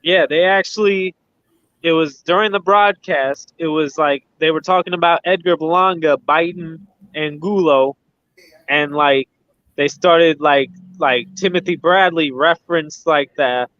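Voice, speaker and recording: Male stream host, slightly high voice, loose rambling chat, dull dry recording. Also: unhurried, a bit bright, clean tone, no room sound. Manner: rambling, lots of fillers and restarts. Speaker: host of a boxing livestream. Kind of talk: casual chat. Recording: dull lo-fi sound.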